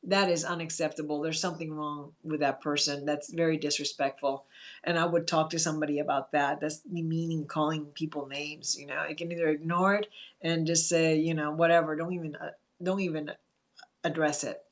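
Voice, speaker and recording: A woman therapist giving advice in a chatty live stream, greeting viewers by name and acting out calm sample replies. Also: deep voice, brisk.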